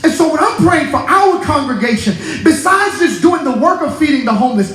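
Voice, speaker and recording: A male pastor preaching a sermon to his congregation, animated and laughing often as he talks. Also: very high voice, a little fast, roomy sound, rough recording. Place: church sanctuary.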